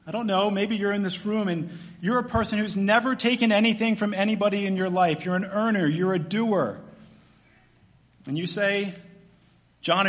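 A man preaching a sermon, animated, swinging between loud emphatic lines and quiet soft ones. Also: high voice. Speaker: pastor. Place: church hall with long reverb. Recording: echoey church hall.

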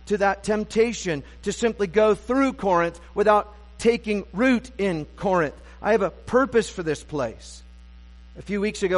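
Recorded amid the long reverb of a church sanctuary, a pastor gives a sermon to his congregation. His high-sitting voice carries a conversational, self-deprecating style laced with wry humor.

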